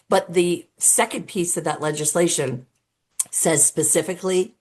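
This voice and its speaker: Middle-aged woman, deep-pitched speaking voice, earnest podcast guest who explains step by step with plenty of "um" fillers. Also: measured pace, breathy edge. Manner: talks through steps as if laying out a case. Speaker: guest, road safety advocate. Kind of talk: podcast interview conversation.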